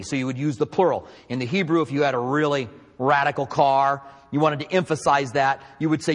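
A man delivering a sermon as a Bible teacher, his voice a little husky and pitched slightly high. He teaches in a conversational, animated way, swinging his pitch widely and adding emphatic asides. The sound carries a long reverb, as if from a large hall.

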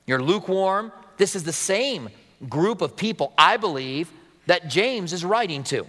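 A man's voice: sits high, lively intonation, unhurried, pushed and bright, in a large hall. A man preaching a sermon as pastor, earnest and reading scripture aloud to his congregation.

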